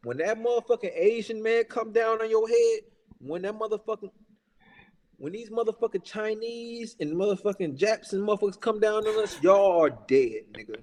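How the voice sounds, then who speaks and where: A man's voice: sits high, normal speed, darkish tone, big-room sound. A man ranting in a heated, casual podcast chat. He is profane and emphatic, repeats himself and keeps saying "bruh". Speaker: podcast talker.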